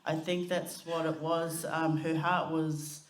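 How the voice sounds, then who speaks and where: A woman's voice: sits low, flat delivery, takes it slowly, a little hiss or hum. A woman giving a heartfelt, chatty eulogy for her cousin at a family funeral service. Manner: heartfelt, chatty, with fillers and laughter. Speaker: eulogy speaker, youngest sister. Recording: echoey hall.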